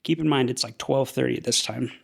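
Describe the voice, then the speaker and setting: Guesting on a podcast, this young Idahoan recounts something personal in a sincere, faltering way, restarting frequently. He speaks at a medium pitch with a gravelly, husky quality.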